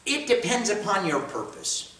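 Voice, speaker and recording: A man's voice: high-pitched, big pitch swings, normal speed, bright, forceful tone. A man teaching a spiritual class, telling stories and answering students' questions in an emphatic, repetitive style. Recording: echoey room, far from mic.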